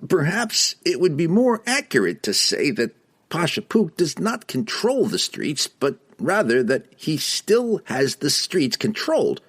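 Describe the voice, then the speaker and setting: A man voicing a small male halfling informant with a squeaky voice, wary and careful with every word, in an audiobook reading. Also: big pitch swings, a little slow, breathy edge, heavily acted.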